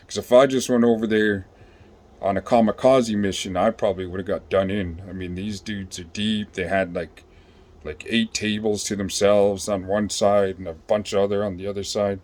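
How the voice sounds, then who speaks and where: Man, lowish voice, loose storytelling, lots of restarts and cursing. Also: fairly even intonation, normal speed, darkish tone. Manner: rambling, profane, full of fillers and restarts. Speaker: vlogger telling his own story. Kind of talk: casual storytelling.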